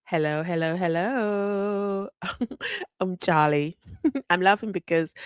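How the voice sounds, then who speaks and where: A woman's voice: fairly low pitch, takes it slowly, pauses often, clean tone, dry recording. A woman hosting a live stream, chatting animatedly and reading viewer comments aloud. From South Africa. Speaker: livestream host.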